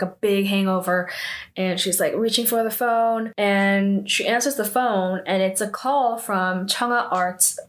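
A young woman casually recapping a TV drama episode, chatty and full of "like", her voice rising in disbelief at times. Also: mid-range voice.

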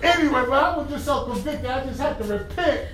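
This preacher's voice is extremely high-pitched, and he talks fairly quickly. He delivers a conversational sermon with emphatic, humorous, animated stories about his own daily life. The mic picks him up from far away in an echoey room.

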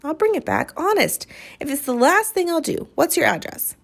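A woman's voice: high-pitched, wildly swooping pitch, moderate pace, vocal fry, pitched above the performer's own voice, full character voice. A woman reading aloud, voicing an eager, ragged young boy who talks earnestly and pleads. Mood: pleading.

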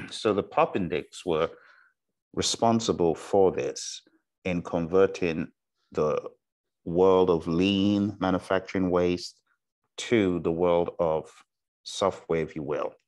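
A man teaching an exam prep lesson, talking slowly on purpose and often checking in with "okay?" and "all right?". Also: low voice, darkish tone. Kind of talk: recorded online lecture.

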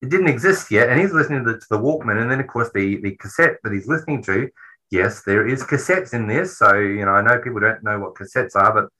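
A man's voice: medium pitch, fast talker, pushed and bright, poor audio. A man casually recapping a horror film with a co-host, rambling and swearing freely as he talks. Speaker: podcast co-host.

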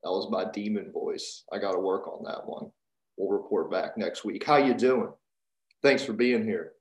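A man's voice: on the low side, moderate pace. Upbeat, jokey man hosting a podcast. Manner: energetic, jokey, hype-man delivery. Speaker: podcast host. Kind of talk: upbeat podcast intro and promo chat. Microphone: video call. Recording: roomy echo.

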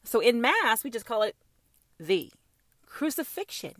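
A woman delivering a profane, ranting monologue as a self-styled prophetess, swinging from loud outbursts to whispers. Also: on the high side, big pitch swings, a little slow, no echo, studio quality.

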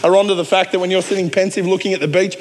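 An Australian man preaches in a fairly high voice. His delivery is earnest and conversational, with joking asides. His words ring out with a long reverb through a large church hall. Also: fairly even intonation, rapid-fire. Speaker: pastor. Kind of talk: sermon.

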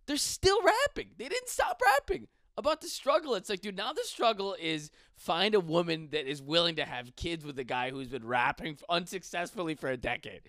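A man's voice: on the high side, brisk, hardly any pauses, dry recording, studio quality. A man in his twenties, a stand-up comedian from western New York, ranting casually with lots of profanity. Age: 20s. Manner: profane, rambling, animated. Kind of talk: casual podcast rant.

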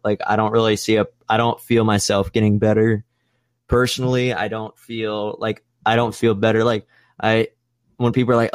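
A man's voice: lowish voice, little pitch movement, normal speed, no echo, studio quality. A man in his twenties chatting casually on a podcast, rambling and swearing with lots of filler words. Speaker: podcast host.

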